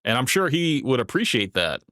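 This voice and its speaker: A man's voice: medium pitch, sing-song, a little fast, fairly bright tone, no room sound, clean studio sound. A man hosting a live stream, chatting casually and rambling with lots of filler words as he reacts to a video. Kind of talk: casual chat.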